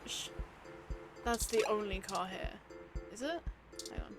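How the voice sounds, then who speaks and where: A woman's voice: mid-range voice, expressive, measured pace, music in the background. A woman streaming a video game, chatting casually, giggling and swearing as she plays. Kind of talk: casual let's-play commentary.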